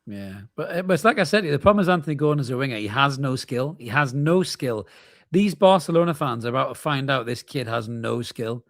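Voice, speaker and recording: A man cracks jokes and gives blunt opinions in a middle-pitched voice. He sounds dry and close to the mic. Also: lively intonation, a bit bright, no echo. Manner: banter-laden, joking, quick to laugh. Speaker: podcast co-host. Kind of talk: casual watchalong commentary.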